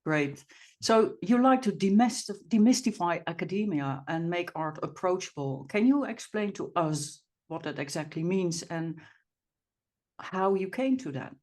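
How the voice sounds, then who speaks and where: A woman with a Dutch accent hosts an interview, speaking at a fairly low pitch. Her talk is chatty, and at times she stops and starts over as she hunts for the words. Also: animated. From Netherlands. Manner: warm and chatty, with some halting restarts. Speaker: podcast host.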